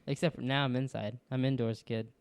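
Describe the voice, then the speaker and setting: A man's voice: medium pitch, level tone, brisk, vocal fry, smooth, dry recording. A young man co-hosting a podcast, joking playfully in casual banter with his father. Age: young adult. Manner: playful, joking, sing-song. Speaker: podcast co-host.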